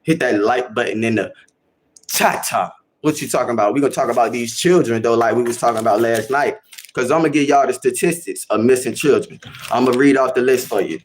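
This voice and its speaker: A young man with a Chicago accent hosting a casual livestream, talking to his chat in a slangy, animated way and repeating himself for emphasis. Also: mid-range voice, fairly quick, slight background noise. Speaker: livestream host.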